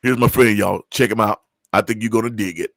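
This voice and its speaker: Chatty low-voiced man hosting a livestream. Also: steady tone, fairly quick, gravelly, fairly bright tone, no echo, studio quality. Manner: rambling, chatty, self-interrupting. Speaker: host.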